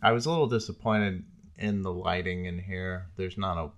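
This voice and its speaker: A man's voice: sits low, steady tone, normal speed. A man co-hosting a podcast, chatting frankly and casually. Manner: frank, candid and talkative. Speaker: podcast co-host. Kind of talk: casual chat.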